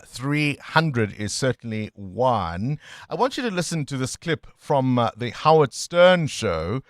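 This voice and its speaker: A man hosting a breakfast radio phone-in quiz, upbeat and quick. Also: fairly high pitch, a bit bright, dry recording, studio quality. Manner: upbeat, quick host banter. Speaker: radio host. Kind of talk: radio talk show, running a phone-in quiz. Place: radio studio.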